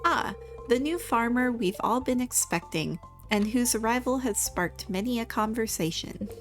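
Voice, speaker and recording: A woman's voice: fairly high pitch, animated, normal speed, music in the background, pitched above the performer's own voice, natural voice. A woman reading a refined young man's game lines aloud, putting on a vague, unplaced accent. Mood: gracious. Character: refined young man with long hair.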